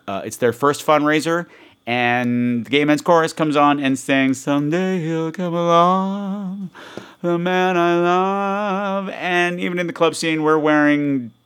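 A man's voice: medium pitch, measured pace, fairly bright tone, clear, resonant tone. A man hosting a podcast in a frenetic, rambling and self-mocking solo monologue. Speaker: podcast host.

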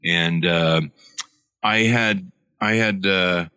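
A man's voice: sits low, steady tone, extremely slow, bright, forceful tone, clear, resonant tone, no room sound. A middle-aged man, an author guest, telling a long story in an interview with many fillers and restarts.

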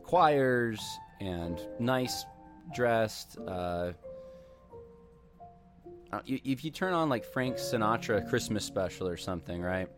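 A man's voice: fairly low pitch, lively intonation, slow pace, over music. A man casually commenting on videos he plays, wry and rambling, often asking questions aloud.

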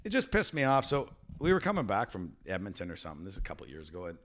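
A man's voice: low voice, wildly swooping pitch, very fast, fairly bright tone. A man co-hosting a casual podcast chat, telling stories and jokes in a loose, profane way and laughing at his own punchlines. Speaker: podcast co-host.

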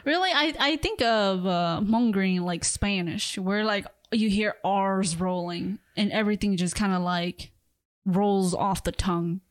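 A woman's voice: mid-range voice, unhurried, dry recording, studio quality. A woman in a casual chat who laughs often and teases.

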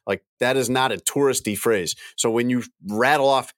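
A man's voice: mid-range voice, moderate pace, no echo, studio quality. A middle-aged man co-hosting a casual podcast chat, rambling and repeating phrases as he tells a travel story. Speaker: podcast co-host.

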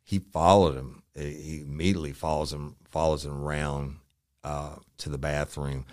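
A man's voice: extremely low pitch, flat delivery, moderate pace, a little mellow, no room sound, clean studio sound. A man telling a police story in casual, rambling speech, profane and acting out what others said. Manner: profane, rambling, acts out quoted lines.

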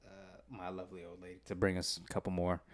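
A man's voice: low voice, flat delivery, fast. A man co-hosting a podcast in casual chat, joking and laughing often. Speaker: podcast co-host.

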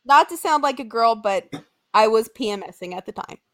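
A young woman in casual conversation, her voice sitting high. She tells stories with lots of animation and throws herself into the quotes, playing every character with exaggerated voices. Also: animated, fairly quick, a bit bright. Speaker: podcast co-host. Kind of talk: casual chat.

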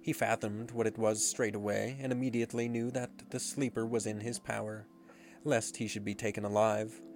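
A man narrating a storybook in a measured, expressive reading. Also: lowish voice. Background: faint guitar music.

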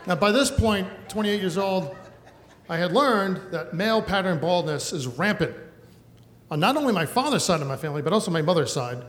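A man's voice: high-pitched, a little fast. Wry storyteller man in an echoey hall. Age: 30s. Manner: wry, comic, animated. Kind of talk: live stage storytelling. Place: stage in a hall. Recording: echoey hall, faint noise.

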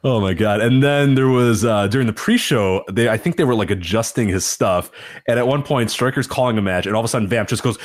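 A man's voice: mid-range voice, fairly quick, a little hiss or hum. A man co-hosting a casual podcast, telling stories with lots of laughter and acting out quotes from others. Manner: animated storytelling, acts out quotes, laughs often. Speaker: podcast co-host. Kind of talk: casual wrestling podcast chat.

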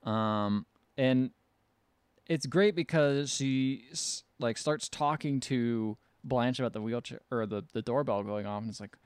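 A man co-hosting a casual podcast, recapping a film in a relaxed, rambling way with swearing. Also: medium pitch, measured pace, smooth, dry recording. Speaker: podcast co-host. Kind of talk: casual chat.

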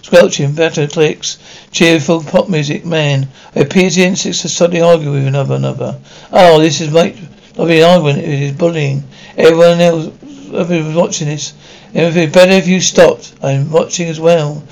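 A young man reads a horror episode script aloud, voicing every line and even the sound cues. His delivery stumbles, with slips and restarts, and his voice sits fairly high for a man. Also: fairly quick, vocal fry, rough recording.

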